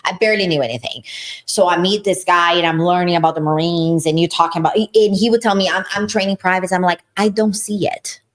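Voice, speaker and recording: A woman from Brazil with a Brazilian Portuguese accent, co-hosting a casual Christian podcast and telling her story in an animated, emphatic way. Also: on the low side, quick pace. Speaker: podcast co-host.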